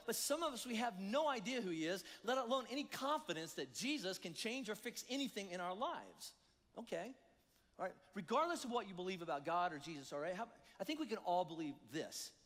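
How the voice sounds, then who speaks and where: A male pastor preaching a sermon in a lively, conversational way, acting out the voices of his listeners. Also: sits high. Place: church hall. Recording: long church hall reverb.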